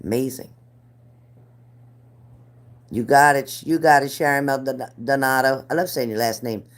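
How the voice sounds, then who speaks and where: A woman's voice: extremely low pitch, unhurried. A middle-aged woman reading spirit cards live for viewers, chatty and earnest, repeating their names. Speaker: card reader.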